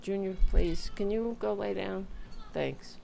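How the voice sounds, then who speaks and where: Speaking slowly at a medium pitch, this woman has vocal fry and a dark tone, with a little hiss or hum behind her. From home, she hosts her own livestream show, rambling tiredly in casual chat and interrupting herself, recorded on a home mic through an audio interface.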